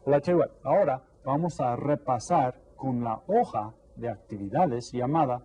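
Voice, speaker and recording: Guy teaching little kids, drags out each word, mellow voice, faint room sound behind. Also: medium pitch, animated, slight background noise, poor audio. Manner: slow, drawn-out repetition of words. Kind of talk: classroom lesson to children.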